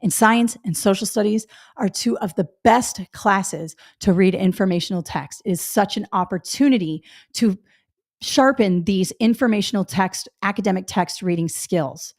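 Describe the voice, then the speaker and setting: A middle-aged woman runs a test-prep webinar, talking in a chatty, emphatic way and repeating key points. Her voice sits at a middle pitch for a woman. It is recorded close and dry, with no room sound. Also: moderate pace, darkish tone, dry recording. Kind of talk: webinar lecture.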